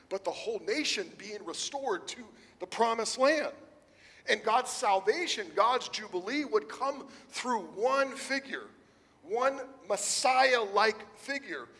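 A man preaching a sermon in a church, swinging between loud emphasis and hushed delivery. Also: high voice. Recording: long hall reverb.

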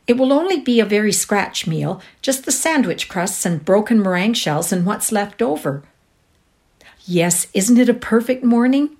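A woman reading aloud, voicing an excitable young woman who gushes in a high, bright voice. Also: normal speed, natural voice. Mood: gushing.

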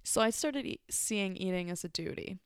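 A woman's voice: medium pitch, expressive, moderate pace, clear, resonant tone, no echo, clean studio sound. A young woman from Mexico hosting a podcast, talking in a casual, reflective, rambling way with lots of fillers and restarts. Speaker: podcast host.

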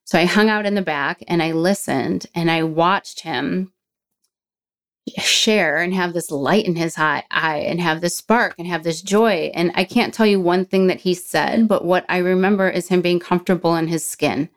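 A woman's voice: lowish voice, normal speed. A woman in her forties telling her own story in a frank, blunt way, swearing freely and laughing at herself. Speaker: guest sharing a recovery story. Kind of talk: candid personal storytelling.

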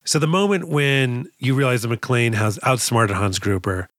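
A man co-hosting a movie podcast, talking fast and swearing, excitable and full of mock impressions. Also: medium pitch, no echo, studio quality. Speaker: podcast co-host.

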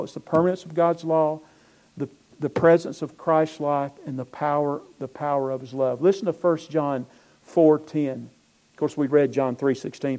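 Male pastor, sermon delivery, slightly raised pitch, emphatic swells and deliberate pacing. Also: a little mellow. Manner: preaching with emphatic swells and slow stressed phrases. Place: church sanctuary with choir.

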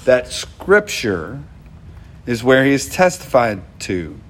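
A man preaching a conversational, animated sermon as a pastor. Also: mid-range voice, slow pace. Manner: animated, conversational, acts out quoted dialogue.

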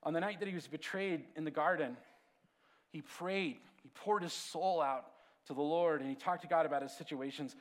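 A man preaching a sermon as pastor, conversational and animated, swinging from lively storytelling to quiet, hushed asides. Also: on the high side, normal speed. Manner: conversational, animated storytelling with sudden drops to a hush.

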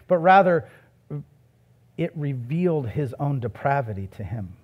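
A man's voice: medium pitch, sing-song, unhurried, long pauses, darkish tone, slightly rough. A man who is a pastor, preaching a sermon in a conversational way that builds to emphatic, raised passages.

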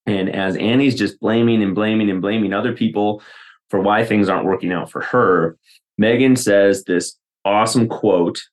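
Low-voiced man rambling through a podcast. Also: fairly even intonation, moderate pace. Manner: rambling, many fillers and restarts. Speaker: podcast host. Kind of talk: casual solo podcast talk.

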